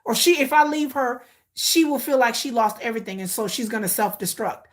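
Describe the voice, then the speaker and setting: A woman's voice: on the high side, fairly quick. A woman, talking casually to viewers, telling stories and acting out quotes. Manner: animated storytelling, acts out quotes. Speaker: commentary vlogger.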